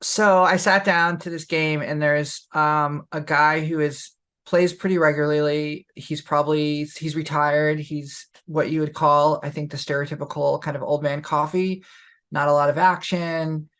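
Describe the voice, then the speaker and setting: A woman's voice: deep voice, flat delivery, measured pace, a bit bright. A young adult woman co-hosting a podcast, telling a story casually and candidly with many fillers. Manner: candid, lots of fillers, laughs while telling. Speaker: podcast co-host.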